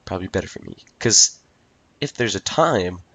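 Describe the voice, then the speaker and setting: A teenage guy hosting his own solo podcast, talking straight into a microphone with a fairly low voice. He rants in an exasperated, casual way, swears freely and keeps calling everything ridiculous. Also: expressive, moderate pace, fairly bright tone, slightly rough, no room sound. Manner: repeats "I tell you what" and "ridiculous". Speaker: podcast host.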